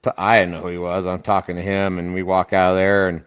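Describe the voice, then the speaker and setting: A man with a very low, smooth, resonant voice tells a story casually. He acts out the people in his anecdote as he goes. The recording sounds a little dull and lo-fi. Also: quick pace. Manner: animated anecdote teller who acts out quoted voices. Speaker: podcast guest, festival founder.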